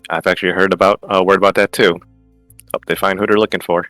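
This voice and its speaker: A man's voice: deep voice, flat delivery, fast talker, fairly bright tone, no echo, faint music behind. A man playing an easygoing woman mercenary. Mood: coy. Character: level-headed young woman mercenary.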